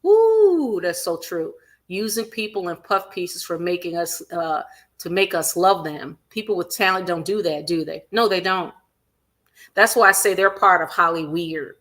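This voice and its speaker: A woman hosting a celebrity gossip livestream, animated and emphatic, repeating her points and reading viewer comments aloud. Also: on the low side, normal speed. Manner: animated, acts out quotes in other voices, reads viewer comments aloud; emphatic repetition.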